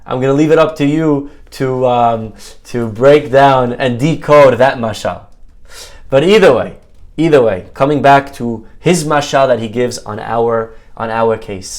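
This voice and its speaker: A rabbi giving a Torah talk, telling a parable as an animated, jokey storyteller. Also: male voice, medium pitch, unhurried.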